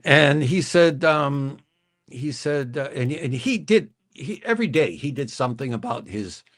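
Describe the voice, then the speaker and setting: An older man from the Chicago area hosts a casual livestream, telling a story in a rambling, hesitant way. His pitch sits mid-range but swings a lot as he talks. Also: lively intonation, measured pace. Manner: rambling, hesitant, self-interrupting. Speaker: livestream host.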